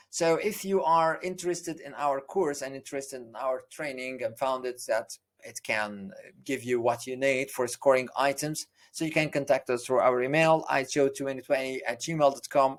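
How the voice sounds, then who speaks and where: Guy teaching exam prep, earnest, lots of ums and restarts, middle pitch. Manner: earnest, with frequent fillers and restarts. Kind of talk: lecture explaining a course.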